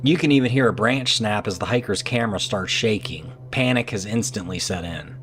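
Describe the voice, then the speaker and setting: A man's voice: fairly low pitch, fairly quick, a bit bright, soft background music. A man narrating trail cam clips in a scripted, conversational way with skeptical asides.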